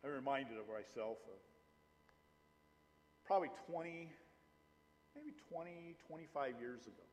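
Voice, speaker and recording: A middle-aged man preaching a sermon as pastor, animated and emphatic, slowing down to stress key phrases. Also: mid-range voice. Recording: long hall reverb.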